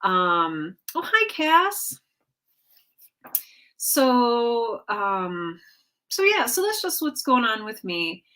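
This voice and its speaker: A woman hosting a relaxed weekly livestream from her home. She chats with viewers and rambles, often pausing on fillers and correcting herself mid-sentence. Her voice sits at a medium pitch. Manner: chatty, with many fillers and self-corrections. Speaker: livestream host. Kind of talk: casual chat with a live audience.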